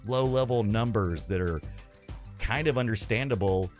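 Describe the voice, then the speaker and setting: A man's voice: fairly low pitch, normal speed, soft background music. A man hosting a casual livestream, chatting with viewers, laughing often and reading their comments aloud. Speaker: livestream host.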